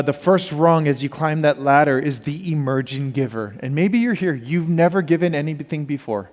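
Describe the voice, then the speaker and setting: A middle-aged man, a guest pastor, preaching a sermon and telling a family story that builds into animated exasperation. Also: on the high side. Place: church auditorium. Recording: church hall reverb.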